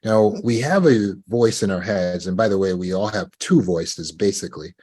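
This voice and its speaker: A man giving a measured motivational talk on recovery, often asking the listener rhetorical questions. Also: deep voice, dark tone, breathy edge. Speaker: self-help speaker.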